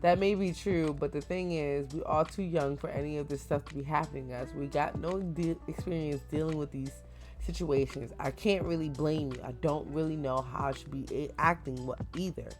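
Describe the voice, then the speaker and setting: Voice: medium pitch, fairly even intonation, moderate pace, music in the background, lightly acted. A reader voicing a polite, earnest teenage boy hero who speaks in an apologetic way.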